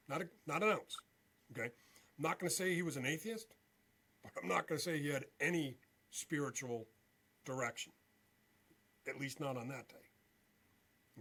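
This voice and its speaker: A male veteran and podcast guest telling a story in an animated way, often checking in with "okay?". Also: fairly high pitch, unhurried, pauses often, husky. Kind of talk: storytelling interview.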